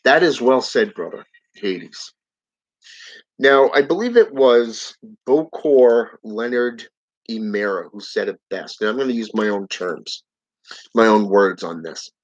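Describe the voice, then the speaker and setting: Slow, low-voiced man on dull audio. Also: lively intonation. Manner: chuckles often, reads comments aloud slowly. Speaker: channel host reading viewer comments. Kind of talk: casual live-stream chat.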